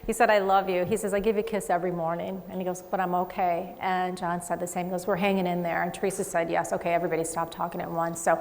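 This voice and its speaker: A woman psychic medium hosting a show, giving chatty readings to a live studio audience with quick asides and frequent laughs. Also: lowish voice, flat delivery, creaky, darkish tone, in a large hall.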